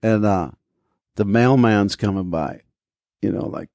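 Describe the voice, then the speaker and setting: A man's voice: on the low side, a little slow, gravelly, dark tone, no echo, clean studio sound. Rambling man telling stories on a podcast. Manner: rambling storyteller, acts out quoted people. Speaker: podcast co-host. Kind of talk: casual chat.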